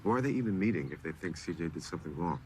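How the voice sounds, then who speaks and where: A man playing a grieving parent of a slain son, firm and measured. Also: lively intonation, mellow, a little hiss or hum. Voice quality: low, measured. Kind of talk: film drama acting.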